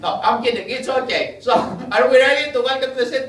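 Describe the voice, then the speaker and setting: A man's voice: extremely high pitch, a little fast. A man acting as MC in a small café bar, joking and hyping the crowd to welcome the next comedian. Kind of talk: introducing a comedian. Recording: echoey room from far off, noisy.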